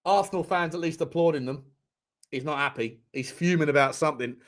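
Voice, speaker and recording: A man runs a live football watchalong stream, reacting to chat excitedly, swearing, and bursting into laughter. His voice is a little high and brisk, and the audio is very noisy.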